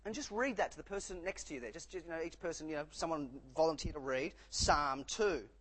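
A man preaching a sermon, emphatic, dropping low and rising again for effect. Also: a little fast, a bit bright, breathy edge, low-quality recording.

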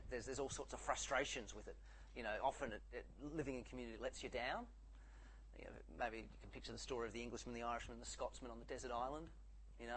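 Husky-voiced preacher. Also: male voice, a little high. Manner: conversational with many restarts and jokes. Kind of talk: sermon.

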